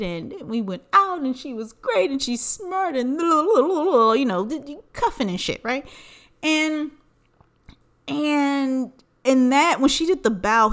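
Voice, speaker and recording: A woman's voice: fairly high pitch, a bit bright. An American woman hosting a podcast, ranting in casual, profanity-filled commentary. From United States. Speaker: podcast host.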